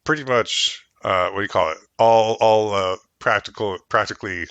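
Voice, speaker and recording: A man's voice: fairly low pitch, moderate pace, a bit bright, smooth, no echo, highs cut off. A man co-hosting a casual movie podcast, rambling and hedging with lots of filler words. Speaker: podcast co-host. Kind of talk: casual chat.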